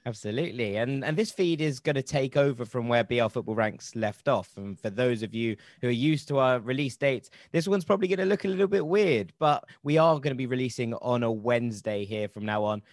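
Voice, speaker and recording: A man hosts a casual football podcast in a rambling, wry way, often restarting his sentences. His voice sits at an ordinary middle pitch, recorded close and dry with no room around it. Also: a little fast, few pauses, dry recording. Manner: rambling, self-correcting, wry. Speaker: podcast host.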